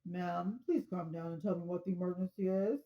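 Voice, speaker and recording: A woman voicing a calm, firm emergency operator who speaks briskly and matter-of-factly. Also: on the low side, dull audio, close to an everyday voice.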